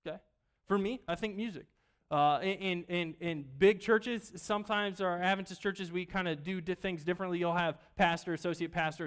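Conversational man preaching a sermon. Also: high-pitched. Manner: conversational, asks the congregation questions; swings between loud emphatic bursts and quiet asides. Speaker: pastor. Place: church.

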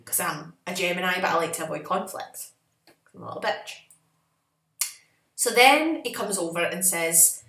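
A young woman co-hosting a podcast, telling a story in a sassy, animated, self-mocking way. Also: medium pitch, a little fast. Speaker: podcast co-host. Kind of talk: casual storytelling chat. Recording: echoey room.

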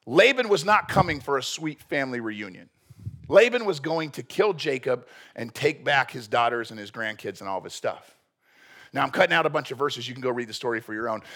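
A man's voice: medium pitch, lively intonation, fairly quick, fairly bright tone. A male pastor preaching a sermon in a blunt, earnest, joking manner.

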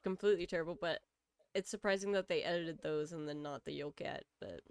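A woman co-hosting a casual podcast, throwing in quick wry reactions. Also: low voice, clear, resonant tone, no room sound, clean studio sound. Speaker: podcast co-host. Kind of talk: casual chat.

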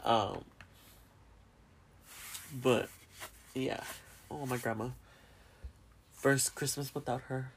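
A man's voice: mid-range voice, fairly even intonation, drawn-out words, pauses often, a little hiss or hum. A young man hosting a podcast in casual chat, rambling and swearing a lot and often laughing. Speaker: podcast host.

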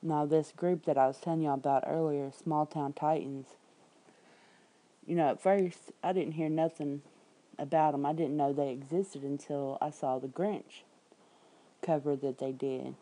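On a low-quality recording, a mellow, deep-voiced woman from Memphis, Tennessee speaks with fairly even intonation and a Southern accent. She's an independent writer chatting on a casual livestream, bluntly reading headlines and viewer comments aloud, swearing freely and adding quick asides.

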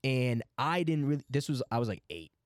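A man's voice: medium pitch, very animated, brisk, no echo, studio quality. A man in his twenties, co-hosting a podcast, telling a loose, profane story full of filler words. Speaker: podcast co-host. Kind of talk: casual chat.

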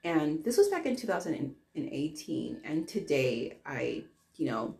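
Low gravelly woman, candid and rambling. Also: big pitch swings, a little slow, mellow. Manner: candid, rambling storytelling with many restarts. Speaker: podcast host. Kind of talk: personal podcast monologue.

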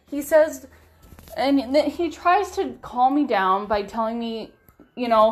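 A woman's voice: a little high, moderate pace, roomy sound. Earnest woman telling a personal story. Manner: earnest and emotional, with frequent restarts. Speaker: vlogger.

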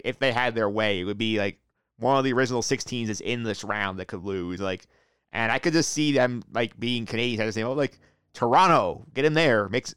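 A podcast host leads a casual hockey chat, steering the conversation with questions and peppering his talk with "like." His mid-range voice has a fairly bright, clean tone, recorded at studio quality with no echo.

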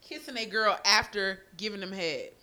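A woman's voice: mid-range voice, moderate pace, bright, forceful tone. A woman in her thirties hosting a frank, casual chat, candid and laughing often. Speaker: podcast host.

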